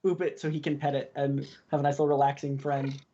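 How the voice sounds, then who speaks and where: A man's voice: mid-range voice, level tone, fast talker, mellow. A man playing a tabletop game on stream, playful and teasing. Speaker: player. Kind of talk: casual play at a streamed game. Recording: dull mic with clear noise.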